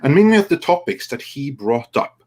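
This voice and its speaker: A man in a mid-range voice hosts a livestream panel. He moderates in a measured way, with plenty of fillers, while reading out viewer messages. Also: medium pitch, sing-song. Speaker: show host. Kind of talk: livestream hosting, reading super chats.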